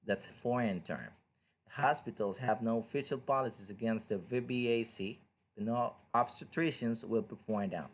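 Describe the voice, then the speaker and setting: This man speaks at a medium pitch and an ordinary pace. A native Spanish speaker, he gives an online English reading lecture, explaining things patiently and putting questions to the listener.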